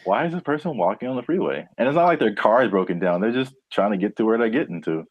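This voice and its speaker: A man's voice: on the low side, lively intonation, quick pace, breathy edge, no room sound, highs cut off. A man hosting a podcast, chatting casually and often laughing. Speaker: podcast host. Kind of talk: casual chat.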